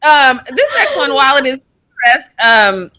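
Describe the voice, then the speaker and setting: A young woman from Colorado hosts a casual sports chat show. Her voice is bright and a little high, and she talks in an animated, laughing way. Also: unhurried. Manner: animated, laughs easily, stumbles over names. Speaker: co-host.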